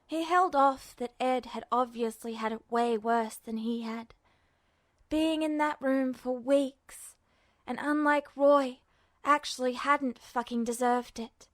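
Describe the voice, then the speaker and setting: A woman reading a fanfiction story aloud as a podfic, with steady, measured narration. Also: sits high, no room sound. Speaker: podfic reader.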